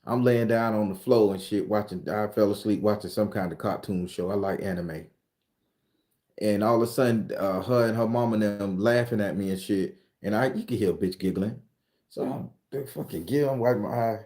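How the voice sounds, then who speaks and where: A man from Florida, hosting a casual live chat and telling stories in a profane, animated way. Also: fairly low pitch, brisk. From southern Florida. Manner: profane, animated storyteller reading out viewer comments. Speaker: host.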